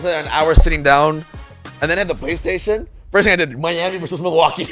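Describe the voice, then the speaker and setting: A man, co-hosting a sports talk show and telling excitable stories with frequent laughter. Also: fairly high pitch, very fast, faint music behind. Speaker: podcast co-host. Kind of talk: animated sports banter storytelling.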